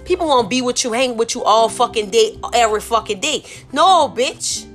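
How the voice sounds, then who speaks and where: A woman's voice: fairly high pitch, fairly quick, soft background music. A woman from New Orleans with a Southern accent, hosting a solo podcast on her phone, ranting irritably with lots of swearing and repeated "like I said.". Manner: profane, irritated, rambling, repeats "like I said". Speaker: podcast host.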